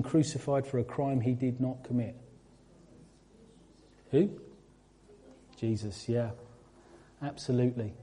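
A man's voice: medium pitch, mellow. A man giving an informal sermon to a congregation, chatty and full of fillers and restarts. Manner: conversational, with fillers and restarts, addressing the room. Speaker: church speaker.

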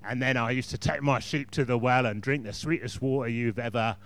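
A man putting on the gruff, monotone voice of an aging warrior king boasting to his men. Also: medium pitch, a little fast, lightly acted. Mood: boastful.

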